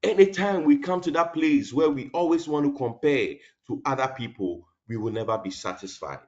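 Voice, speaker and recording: Man, pastor leading prayer, fervent, halting "uh"s, prays in tongues, muffled lo-fi audio. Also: mid-range voice, expressive. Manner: fervent prayer with frequent "uh" and "oh God", breaks into tongues. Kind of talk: devotional prayer session. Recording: dull lo-fi broadcast audio.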